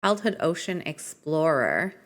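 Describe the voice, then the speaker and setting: A woman's voice: low voice, big pitch swings, a little slow. A tired woman streaming a life-simulation game live, chatting casually, reading game options aloud and greeting viewers.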